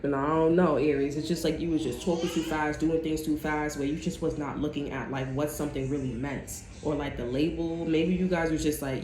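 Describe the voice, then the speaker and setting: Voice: mid-range voice, a little fast, slight background noise. A tarot reader talking straight to viewers in a blunt, chatty, profane way. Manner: direct address to viewers. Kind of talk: casual tarot reading monologue. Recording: echoey room.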